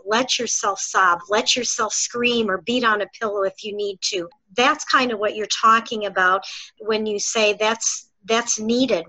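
A woman's voice: mid-range voice, sharp tone, rough recording. A middle-aged woman hosting a podcast interview, talking in an earnest, emphatic and encouraging way. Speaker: podcast host. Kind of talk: conversational interview.

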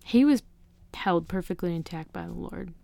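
A woman's voice: lowish voice, normal speed, vocal fry, dark tone. A woman, as an interview guest, candidly recounts a personal story in an earnest, emotional way, often leaning on "you know" and "like.".

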